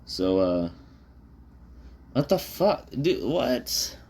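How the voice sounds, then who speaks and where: A man's voice: mid-range voice, very animated, drawn-out words, darkish tone, breathy edge. A man talking casually into a propped-up phone while he draws, rambling and self-deprecating, with lots of fillers and swearing. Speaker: vlogger drawing on camera. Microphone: phone propped up on the desk.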